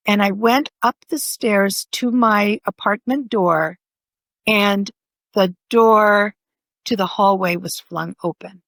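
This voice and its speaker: An older woman, an author, telling personal stories in a conversation with animated expression. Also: mid-range voice, takes it slowly, no room sound. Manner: animated, vividly acts out voices in her stories. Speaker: author and podcast guest.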